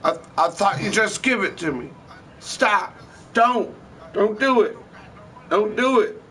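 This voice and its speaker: A man's voice: high voice, fairly even intonation, a little slow, creaky, bright, forceful tone, far from the mic, voice pushed up, exaggerated voice. A man voicing a desperate male street addict who stammers and begs. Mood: panicked pleading. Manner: stammering, begging.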